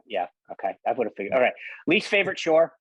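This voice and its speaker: A middle-aged man hosting a casual podcast interview, animated, laughing often and restarting his sentences. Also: medium pitch, quick pace, breathy edge, dry recording, muffled recording. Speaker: podcast host. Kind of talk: casual interview with rapid-fire questions.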